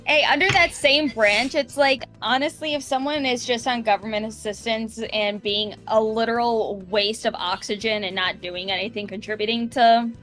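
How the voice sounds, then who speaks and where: A woman's voice: fairly high pitch, steady tone, moderate pace, hardly any pauses, fairly bright tone, soft background music. A woman talking bluntly with profanity in a casual podcast chat.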